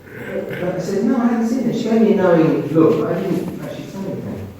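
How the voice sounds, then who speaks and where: Animated storytelling man in an echoey room. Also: sits high, quick pace. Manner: animated anecdotal storytelling, acting out quoted voices. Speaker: doctor and medium. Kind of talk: storytelling in an interview. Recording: echoey room, speaker far from mic, faint noise.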